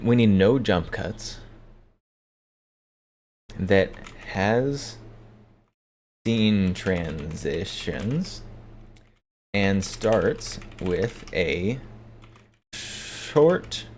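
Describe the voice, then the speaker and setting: Low-voiced amused male streamer. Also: expressive, slight background noise. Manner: amused, chuckling, reads in bursts of fast and slow. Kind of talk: live stream commentary, reading AI text aloud.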